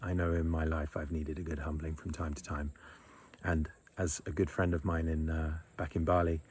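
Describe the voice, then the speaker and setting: A man's voice: rumbling low, flat delivery, normal speed, a little mellow, a little hiss or hum. A man in his thirties talking in a blunt, rambling monologue, swearing freely and chuckling between thoughts. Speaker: men's retreat leader. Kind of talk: casual monologue.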